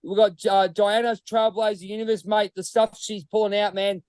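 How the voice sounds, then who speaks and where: A high-pitched Australian man chats on a podcast in a loose, rambling way, dropping "mate" into almost every line and swearing easily. His voice sounds dry and close, with almost no room around it. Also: level tone, normal speed, darkish tone, smooth, no echo. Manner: rambling, says "mate" constantly, swears freely. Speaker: podcast co-host. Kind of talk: casual podcast chat.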